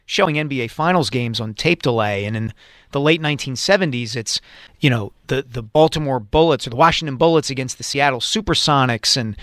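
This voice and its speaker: A man co-hosting a sports talk radio show, explaining basketball history in a measured, chatty way. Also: medium pitch, a bit bright, dry recording, clean studio sound.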